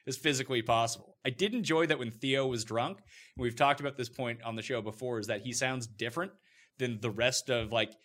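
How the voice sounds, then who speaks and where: A man from eastern Canada co-hosting a podcast, chatting casually in quick banter with restarts. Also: medium pitch, fairly bright tone. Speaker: podcast co-host. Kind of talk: casual chat.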